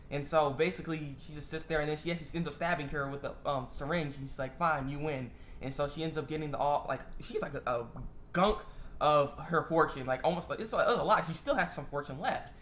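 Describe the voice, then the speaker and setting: A man casually recapping an anime episode, rambling and excitable, full of fillers and restarts. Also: fairly high pitch, brisk, a little hiss or hum. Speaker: anime reviewer.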